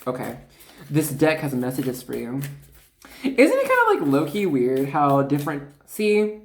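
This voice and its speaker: Excitable, chatty tarot reader in an echoey room. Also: mid-range voice, a little slow. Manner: excitable, chatty, full of fillers and asides. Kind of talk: casual spiritual card reading.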